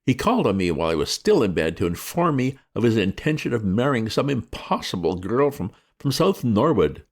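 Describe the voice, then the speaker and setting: A man voicing an imperious older aunt who makes shrill, haughty demands. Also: very animated, fairly quick. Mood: indignant. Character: domineering older aunt, imperious and easily outraged.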